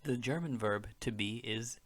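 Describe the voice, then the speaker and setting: A man's voice: medium pitch, normal speed, a bit bright. Patient man teaching a language lesson. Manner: clear, patient, explains step by step. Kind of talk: scripted language lesson narration.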